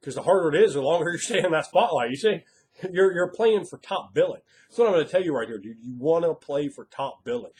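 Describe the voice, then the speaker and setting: A man's voice: a little high, lively intonation, fast talker, darkish tone. A man giving blunt, emphatic advice on tabletop role-playing as a game master, acting out quoted players. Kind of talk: casual advice monologue.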